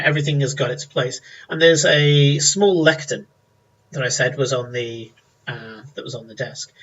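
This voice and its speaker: Bright-voiced game master. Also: male voice, mid-range voice, highs cut off. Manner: descriptive, with many fillers. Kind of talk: narrating a tabletop game.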